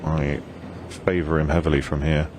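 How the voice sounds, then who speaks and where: Male pool commentator, very low voice, easygoing and chatty, booth hum behind. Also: level tone, moderate pace. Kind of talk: live sports commentary.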